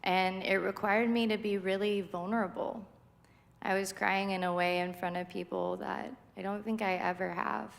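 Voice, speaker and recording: A woman speaking as a friend at a memorial service, heartfelt and measured, with frequent pauses. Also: mid-range voice, fairly even intonation, creaky. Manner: heartfelt, measured, pausing often. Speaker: friend giving a eulogy. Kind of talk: memorial tribute speech. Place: spiritual center sanctuary. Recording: echoey hall reverb.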